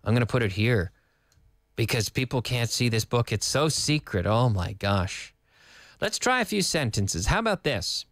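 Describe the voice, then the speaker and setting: Animated male teacher, lively pitch. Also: normal speed, no echo, clean studio sound. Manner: animated, playful, switches between English and Spanish. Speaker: English teacher. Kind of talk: lively TV English lesson.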